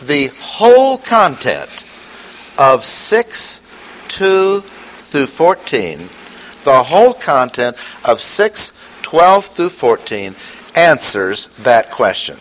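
A man's voice: mid-range voice, very animated, slow. A man preaching a sermon, asking rhetorical questions and repeating his points for emphasis. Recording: dull lo-fi recording with faint ambience.

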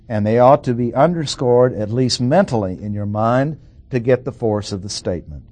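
Middle-aged male Bible teacher, slow and methodical, repeats key points for emphasis. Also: medium pitch, a little mellow. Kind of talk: expository Bible lesson.

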